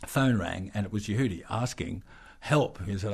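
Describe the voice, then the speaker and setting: A man's voice: fairly low pitch, normal speed, vocal fry, breathy edge. Australian older man telling stories. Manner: lively storyteller who acts out quoted voices. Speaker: interview guest. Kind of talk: anecdotal storytelling.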